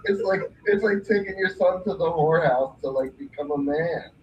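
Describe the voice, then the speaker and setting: Brief: livestream co-host, dry quips, raised pitch, distant. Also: male voice, moderate pace, lo-fi sound, slight background noise. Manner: wry remarks. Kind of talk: casual chat.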